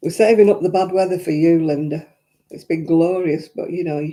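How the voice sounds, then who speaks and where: With a lowish, warm voice at a moderate pace, an older woman hosts a crafting livestream. She comes from Royton in North West England and has a Lancashire accent, and she rambles through viewer comments in easy chat, chuckling frequently.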